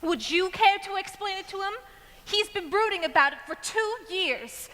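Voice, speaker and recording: A woman's voice: extremely high pitch, moderate pace, pushed and bright. A woman playing a prim, cold young librarian in a stage musical, curt and disapproving. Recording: stage with long hall reverb.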